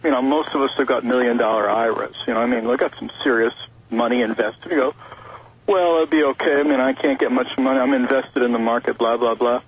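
Raspy-voiced man calling in by phone. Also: mid-range voice, steady tone, brisk. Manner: rambling, with fillers and restarts. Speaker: caller. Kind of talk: call-in talk radio. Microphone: telephone. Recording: raspy voice over a dull phone line.

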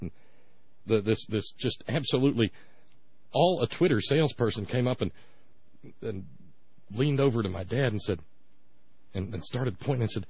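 A man's voice: medium pitch, normal speed, long pauses, slightly rough, no room sound. A man co-hosting a radio show in casual chat, telling folksy anecdotes and repeating words as he thinks. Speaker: radio co-host. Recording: dull lo-fi radio audio.

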